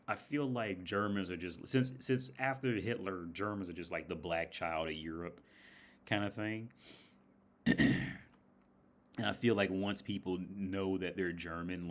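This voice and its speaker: A man's voice: deep voice, a bit bright. An American man rambling casually on a livestream, swearing a lot and laughing often. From United States. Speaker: livestream host.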